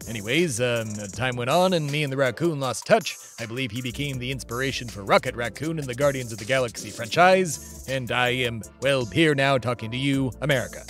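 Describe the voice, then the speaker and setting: A man's voice: mid-range voice, fairly quick, a bit bright, faint music behind. A man hosting a comedy podcast in character, rambling through absurd boasts with lots of ums. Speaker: podcast host.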